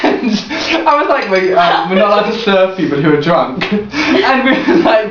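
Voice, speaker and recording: A young man from England telling work stories in casual chat, teasing and animated, laughing often. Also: high-pitched, normal speed, few pauses. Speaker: vlogger. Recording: echoey room, dull lo-fi sound, faint hiss.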